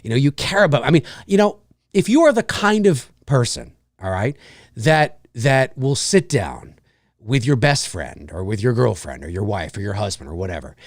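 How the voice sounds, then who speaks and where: A man in his forties hosting a live show, ranting casually and with exasperation, mimicking the shouts of others. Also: on the low side, no echo, studio quality. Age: 40s. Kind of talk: casual live-stream rant.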